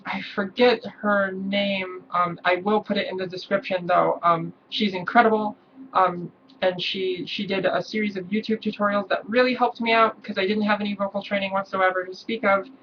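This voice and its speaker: A young adult woman chatting casually in a vlog, relaxed, with many ums and little laughs. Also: mid-range voice, normal speed. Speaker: vlogger. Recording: distant, dull lo-fi camera sound, faint hiss.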